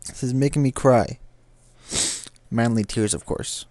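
A man's voice: mid-range voice, warm tone, no room sound. A young man commenting on his own racing game play, swearing and grumbling at the cars as he drives. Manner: frustrated, swearing, talking to the game. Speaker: gameplay commentator. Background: game music and car sounds.

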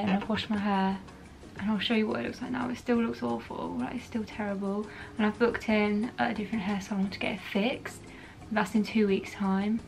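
Young woman vlogger, chatty and frank, a touch high, light music under her. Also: gravelly. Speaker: beauty vlogger. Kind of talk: casual vlog chat.

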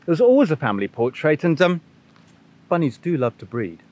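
A man's voice: fairly high pitch, a little fast. A man reading a children's picture book aloud with enthusiastic commentary. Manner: lively, enthusiastic, expressive. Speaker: bookshop reader.

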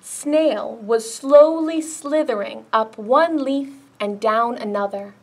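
Slow, gentle storytime librarian. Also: female voice, fairly high pitch. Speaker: children's librarian. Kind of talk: picture book read-aloud with puppets.

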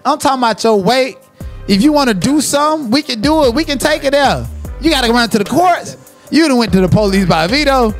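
A man's voice: extremely high pitch, animated, fairly quick, soft background music. A man hosting a livestream, cursing and trash-talking someone in a confrontational rant. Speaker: livestream commentator.

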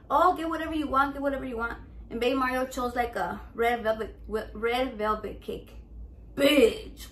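A woman's voice: a little high, fairly bright tone. A young woman, chatting casually in a rambling, profane vlog, dropping into Spanish. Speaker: cooking vlogger. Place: home kitchen. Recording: echoey room, faint background noise.

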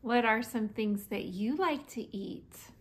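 A woman teaching first words to toddlers, repeating single words slowly and clearly. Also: fairly high pitch. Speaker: preschool teacher.

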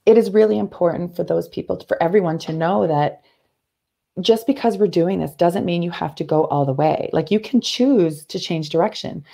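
A Canadian woman in her thirties, a guest telling stories in an earnest, animated way, often restarting her sentences. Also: lowish voice, creaky. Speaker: interview guest, athlete and speaker. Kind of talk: conversational interview.

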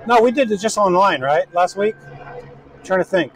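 A man's voice: sits high, animated, normal speed, slight background noise, poor audio. A man preaching a casual, folksy sermon as pastor, chatting with the congregation through frequent restarts and asides.

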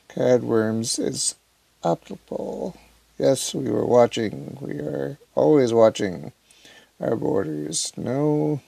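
A man's voice: medium pitch, gravelly, dark tone, dry recording, heavily acted. A man reading as a stern, solemn border guardian. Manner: slow, formal read-aloud delivery.

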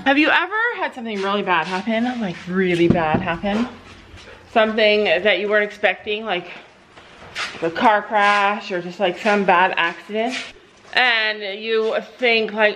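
A woman chatting to the camera in a casual vlog, her voice sitting at an ordinary middle pitch. She tells stories in a loose, rambling way and often restarts her sentences. When she turns to her animals, she lifts into a high, sing-song tone. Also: measured pace, a bit bright, slight background noise, rough recording. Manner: rambling storytelling with frequent restarts. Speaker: vlogger and horse owner.

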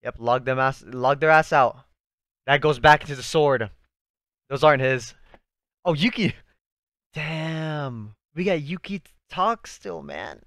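Excitable young man reacting, lively pitch. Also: measured pace, no room sound, studio quality. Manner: excitable, slangy, talks to the screen. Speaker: anime reaction channel host. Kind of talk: live reaction commentary.

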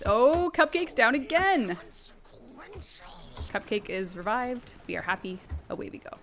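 Lively excitable woman streamer. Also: a little high. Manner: excitable, playful, quick to laugh. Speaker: co-host playing a game on stream. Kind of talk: casual stream chat.

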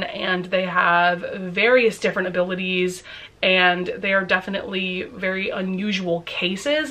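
A woman's voice: mid-range voice, a bit bright. A young woman vlogging at home about books she loves, chatty and gushing, often laughing as she talks. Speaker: book vlogger. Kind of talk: casual reading vlog chat.

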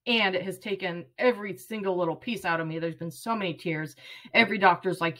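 A woman's voice: on the low side, fast talker, fairly bright tone. Earnest woman in her thirties, near tears. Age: 30s. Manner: earnest, rambling, close to tears. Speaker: vlogger. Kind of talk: emotional personal vlog.

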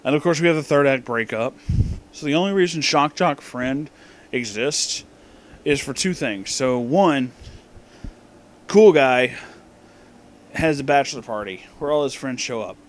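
A man's voice: medium pitch, a little hiss or hum. A drunk man rambling through a profane, meandering movie commentary, often losing his place, recorded in his office. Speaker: movie reviewer.

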